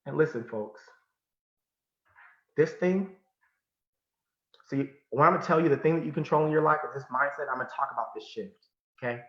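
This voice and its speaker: A man from California giving a motivational talk, telling a personal story with emphasis and sudden drops to a hush. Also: on the high side, moderate pace, pauses often. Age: adult. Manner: emphatic, swinging from loud to hushed, repeats phrases. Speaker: motivational speaker. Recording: muffled sound in an echoey room.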